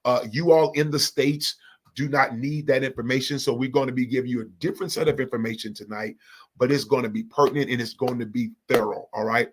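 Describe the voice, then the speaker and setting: This Indianapolis livestream host for a church organization talks briskly in a mid-range, slightly rough voice with fairly even intonation. He energetically calls out viewers by name in the live chat and blesses them.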